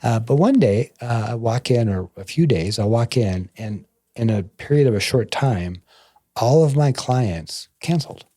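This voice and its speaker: A man, a massage therapist and energy bodyworker, telling stories as a guest in a casual interview and acting out the quotes with lively jumps in his voice. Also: a little slow, no room sound, clean studio sound. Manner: animated, acts out quotes with jumps in pitch.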